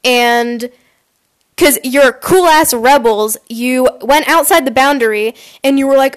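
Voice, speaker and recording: A woman's voice: high-pitched, normal speed, smooth. A woman podcast host chatting casually and reacting to listener confessions, rambling and acting out quotes in silly voices, on a poor quality mic.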